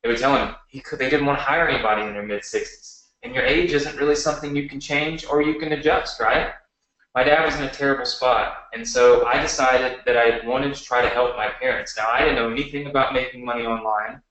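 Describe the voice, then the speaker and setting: Energetic man pitching in an echoey room. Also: a little fast. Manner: energetic, talks to viewers with yes-questions. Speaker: online marketing presenter. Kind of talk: motivational webinar pitch.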